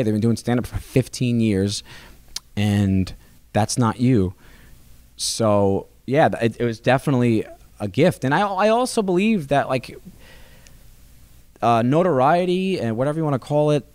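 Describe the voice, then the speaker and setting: A man, a stand-up comedian, chatting as a podcast guest in a rambling, animated way with many restarts. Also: fairly low pitch, dry recording. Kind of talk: casual interview chat. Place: comedy club.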